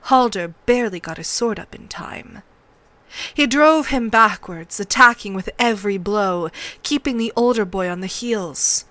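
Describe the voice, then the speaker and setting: Woman, read-along novel narration, measured, steady, mid-pitched, dry close mic. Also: no room sound.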